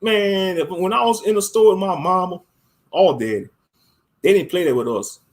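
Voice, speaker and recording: An American man rants casually as an online commentator, rambling at normal speed. He is emphatic and slangy, lurching between loud outbursts and low mutters.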